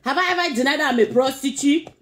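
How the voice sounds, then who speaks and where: Talking fast in a high, somewhat bright voice, a social media vlogger reads comments on her stream and rants at the people who wrote them. Her manner is confrontational, with the same taunting questions fired back repeatedly.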